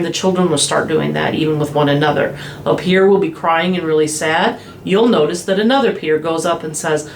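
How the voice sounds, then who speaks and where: A woman specialist in children's behavior explaining calming strategies in a podcast interview, slowing down gently when she models soothing phrases. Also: lowish voice, slight background noise. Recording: echoey room with faint ambience.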